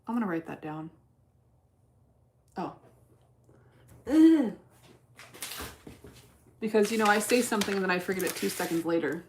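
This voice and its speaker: A woman's voice: mid-range voice, quick pace, long pauses, a little hiss or hum. A woman streaming her day trading in casual chat, blunt and cursing freely as she thinks aloud. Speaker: livestreamer trading stocks.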